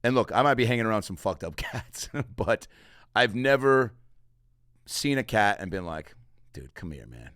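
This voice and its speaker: A man's voice: on the low side, normal speed, clear, resonant tone, no echo, clean studio sound. A man hosting a podcast, ranting comically with lots of swearing. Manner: profane, animated ranting. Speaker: podcast host. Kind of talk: comedic rant.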